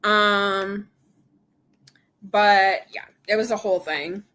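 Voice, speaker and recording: Bright-voiced woman chatting on a live stream. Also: medium pitch, fairly even intonation, takes it slowly. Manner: candid storytelling, retelling an argument with quoted dialogue. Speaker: channel host. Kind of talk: casual live chat with viewers.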